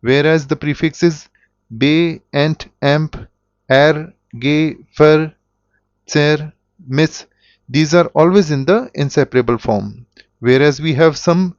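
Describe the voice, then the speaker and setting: Slow-speaking man teaching. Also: fairly high pitch, no echo. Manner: slow, deliberate, with self-corrections. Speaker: German teacher. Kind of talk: explanatory language lesson. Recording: dull, dry lo-fi audio.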